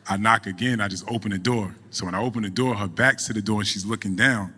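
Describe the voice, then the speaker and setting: A middle-aged man, a guest on a podcast, telling a story in a relaxed, animated way and running a business. He falls into casual speech. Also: lowish voice, quick pace, slightly rough, long reverb tail. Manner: animated storyteller, acts out quoted voices. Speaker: podcast guest, cannabis entrepreneur.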